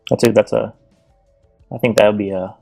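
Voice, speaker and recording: A man with a low, gravelly voice chats casually as a team captain during a streamed league draft. He talks in a relaxed, halting way, often restarting his sentences. Faint music plays underneath.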